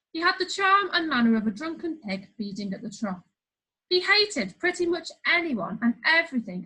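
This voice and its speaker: A woman with a high, sharp voice reads a funny children's story aloud, playful and throwing in chatty asides to the listener. The recording is rough.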